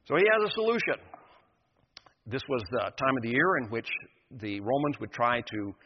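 An older male preacher tells a scripture story in an emphatic, storytelling way, his voice husky and of middling pitch. The sound is dull and lo-fi, with a long reverb from a large hall. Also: very animated, normal speed. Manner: vivid storytelling, emphatic, acting out the scene. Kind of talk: sermon retelling a scripture story.

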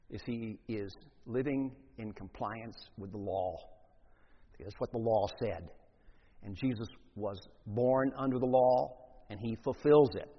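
Animated preacher man in a reverberant hall. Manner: animated, acts out scenes with big swings in pitch and volume. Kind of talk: sermon. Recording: long hall reverb, muffled lo-fi sound.

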